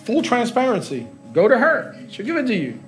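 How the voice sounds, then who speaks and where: Middle-aged pastor guy preaching, highish voice, chatty and jokey, soft music under him. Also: brisk. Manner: animated, joking preacher who laughs with the congregation. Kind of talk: sermon. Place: large church hall.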